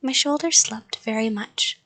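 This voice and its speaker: A woman reading a children's story aloud in a soft, half-whispered bedtime voice. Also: a little high, a little slow, creaky.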